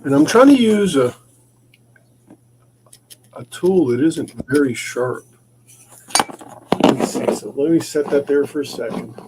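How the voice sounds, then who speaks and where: A man's voice: a little high, expressive, measured pace, long pauses, noisy background. A man hosting a casual livestream from his maker shop, rambling and often repeating and restarting his words. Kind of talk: casual livestream chat while working.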